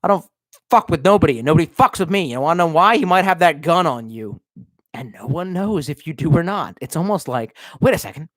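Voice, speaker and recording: Brief: drunk male streamer from Baltimore, profane and mocking, lively swinging pitch, dry close sound. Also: a little fast, no echo. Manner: profane, mocking, shifts between yelling and muttering. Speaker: streamer reading chat. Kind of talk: casual livestream rant.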